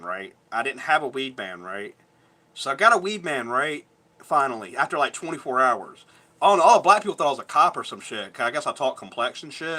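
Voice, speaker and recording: A man's voice: medium pitch, bright, forceful tone. A man in his thirties telling rambling, profane stories in casual vlog chat. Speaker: vlogger. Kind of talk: casual storytelling.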